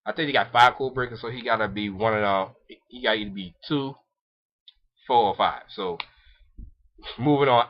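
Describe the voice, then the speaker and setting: A young man casually recapping an anime episode in a rambling way, with lots of ums, restarts and frequent laughs. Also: mid-range voice. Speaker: anime reviewer. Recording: dull lo-fi recording.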